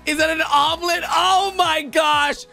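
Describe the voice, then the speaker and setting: A man giving excited reaction commentary as a video host, full of exclamations. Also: very high voice, gravelly, soft background music. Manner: excitable, exclaiming, quick gasps and laughs. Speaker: YouTube host.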